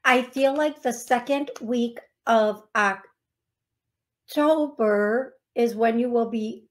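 A woman psychic medium giving a call-in reading on a radio show, speaking gently and calling the caller love. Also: fairly high pitch, slow pace. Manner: soft-spoken, affectionate, calls caller love. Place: radio studio.

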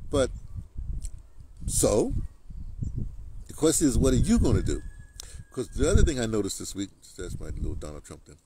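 Male commentator, rambling rant, animated delivery, noisy lo-fi recording. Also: gravelly. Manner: rambling, repeats words, lively pitch. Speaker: political commentator. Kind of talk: ranting monologue.

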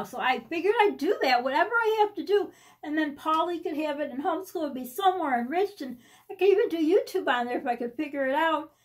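A middle-aged woman from the United States talking to camera in a casual personal vlog, rambling and anxious, often restarting her sentences. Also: high-pitched. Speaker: vlogger.

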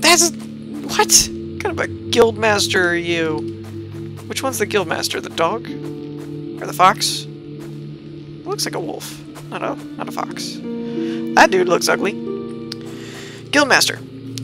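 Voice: mid-range voice, big pitch swings. Chatty let's-play host over game music. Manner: chatty, reads game text aloud, quick exclamations. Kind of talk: casual gameplay commentary.

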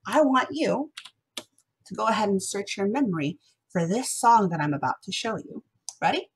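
A young adult woman teaching a remote music lesson to first graders in a bright, sing-song, encouraging voice that is slightly husky, recorded at home. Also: medium pitch, animated, moderate pace.

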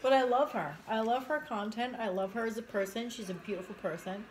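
A woman with a New York accent co-hosts a casual live stream, telling animated stories and laughing often. Her voice sits a little high, and faint background noise runs under the recording. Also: brisk.

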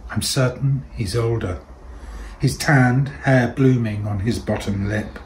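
A man reading literary fiction aloud in a measured, deliberate way. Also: medium pitch, a little hiss or hum, low-quality recording. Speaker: reader.

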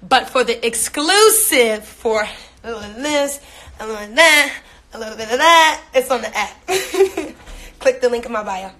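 A woman's voice: a little high, expressive, measured pace, a bit bright. A young woman chatting casually on a phone livestream, reading viewer comments and laughing often. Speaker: social media personality.

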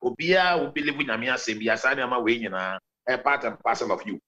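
A Ghanaian pastor answers interview questions over a video call in a fairly quick, sharp-toned, mid-range voice, and the recording is rough. He preaches his explanation, counting off his points one by one and mixing Twi with English.

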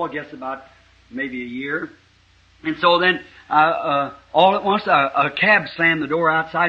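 A man preaching a revival sermon with a southern Indiana accent, telling a folksy story and rising to fervent shouts, on a lo-fi 1960s church tape. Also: a little high.

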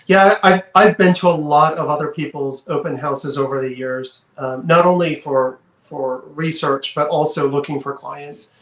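A man who works as a realtor, speaking in a measured way with frequent pauses and "um"s. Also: on the high side, a bit bright. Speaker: realtor, panelist. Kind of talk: casual chat. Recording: roomy echo.

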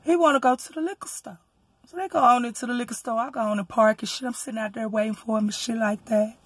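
A woman with a Southern US accent, a rideshare driver from Texas, telling a story in a profane, animated rant and loudly acting out what people said. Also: fairly high pitch, quick pace, slightly rough, no room sound.

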